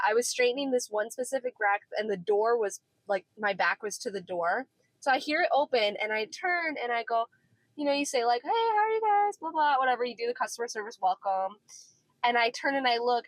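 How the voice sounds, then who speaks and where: A woman in her twenties, a podcast co-host, chats casually in a car with a slightly high voice. She tells an animated story, acting out plenty of quoted dialogue. The recording is dry and rough.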